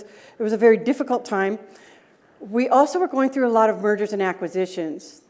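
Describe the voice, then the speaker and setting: In a conference breakout talk, a middle-aged woman who directs data governance shares personal anecdotes and poses rhetorical questions to the audience. Her voice is mid-range and a little mellow.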